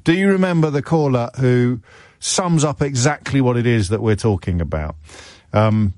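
Sarcastic radio host. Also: male voice, medium pitch, animated, moderate pace, darkish tone, no room sound, studio quality. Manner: sarcastic, mocking. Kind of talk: opinionated radio commentary.

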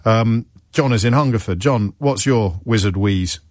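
A man's voice: fairly low pitch, measured pace, a little mellow, no echo, studio quality. A man hosting a radio phone-in, wry and self-deprecating, thinking aloud with fillers.

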